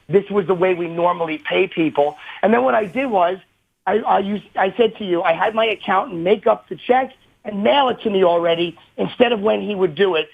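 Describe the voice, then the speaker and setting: A radio host arguing indignantly on air, aggrieved and insistent, heard over a phone line. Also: male voice, sits high, creaky, husky. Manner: indignant, aggrieved, fast back-and-forth. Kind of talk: heated on-air argument.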